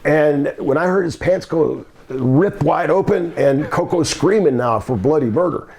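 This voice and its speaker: A man's voice: fairly high pitch, measured pace, a crowd in the background. An older man, a former wrestler, telling rambling anecdotes with laughter in a shoot interview. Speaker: guest, former pro wrestler.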